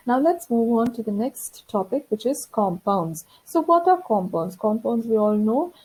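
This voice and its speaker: A woman's voice: a little high, dark tone, slightly rough, low-quality recording. A woman lecturer explaining course material in a recorded lesson, talking it through with frequent fillers and restarts.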